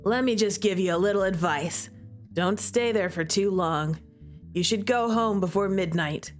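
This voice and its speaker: A woman voicing a flirty, joking male math teacher in a visual novel, speaking slowly in a teasing, low-key voice. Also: faint music behind, close to an everyday voice. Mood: teasing, earnest.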